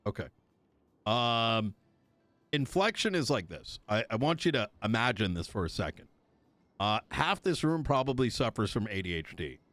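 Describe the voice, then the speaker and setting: A man's voice: mid-range voice, sing-song, moderate pace, fairly bright tone, dry recording. Blunt, profane man lecturing a meeting. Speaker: police chief in a roleplay server. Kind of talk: streamed roleplay meeting speech.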